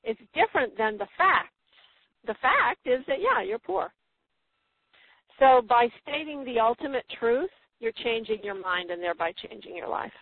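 A woman's voice: fairly high pitch, animated, normal speed, slightly rough, dry recording. A woman guest telling a healing story in a phone-in radio interview, emphatic, acting out quotes with a rising voice. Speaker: guest, spiritual healer. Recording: tinny phone line, dry.

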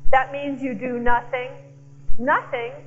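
Slow, emphatic woman giving a spiritual talk. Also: sits high, level tone, a bit bright, lo-fi sound, soft background music. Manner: slow, emphatic, playful with audience. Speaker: guest speaker. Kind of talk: inspirational talk to a church audience.

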